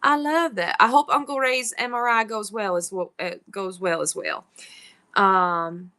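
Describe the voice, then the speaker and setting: A middle-aged woman from upstate New York, chatting quickly and warmly with viewers while running a live online jewelry sale. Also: medium pitch, animated. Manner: fast-talking, chatty. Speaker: online auction seller. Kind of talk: live-stream selling chat.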